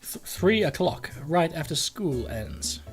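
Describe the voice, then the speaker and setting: A man voicing an eager young woman campaign helper, reading game text aloud in his own fairly high, lively voice. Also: slow pace, soft background music. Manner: apologetic, eager.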